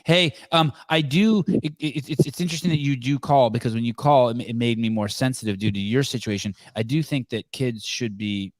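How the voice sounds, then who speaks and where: A man's voice: medium pitch, a little fast, few pauses, dry recording. A man hosting a call-in podcast, talking casually with many restarts and repeated words. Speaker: podcast host.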